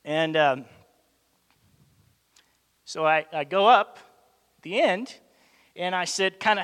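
Speaking slowly in a high voice and pausing often, a man preaches with long hall reverb around him. His sermon story is animated, and he acts out the quoted dialogue.

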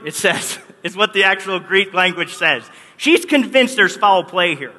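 A man's voice: high voice, lively intonation, measured pace, pushed and bright. A man preaching a sermon, telling the story with animation and acting out the quoted lines. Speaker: pastor. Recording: long hall reverb.

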